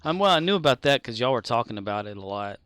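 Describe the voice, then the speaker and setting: A man's voice: mid-range voice, sing-song, quick pace, a bit bright, clear, resonant tone, dry recording. A man streaming a game, chatting casually and sleepily with his viewers in a laid-back drawl. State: sleepy, keeps yawning. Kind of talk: casual chat while playing.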